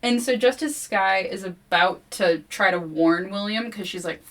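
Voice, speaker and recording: A woman's voice: medium pitch, fairly bright tone. Sarcastic woman podcast host. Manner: sarcastic, swearing, quick asides. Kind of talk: casual book discussion.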